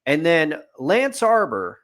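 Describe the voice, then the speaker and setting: A man's voice: a little high, huge pitch swings, slow pace, fairly bright tone. Opinionated man with a raised voice. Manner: opinionated, building points as a running list. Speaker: podcast co-host. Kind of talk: casual movie review chat.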